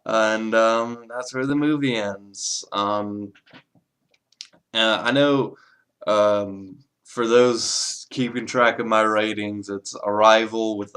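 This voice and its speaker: A man giving a casual, rambling spoken film review, swearing freely and filling pauses with lots of hedging words. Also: fairly low pitch, a bit bright.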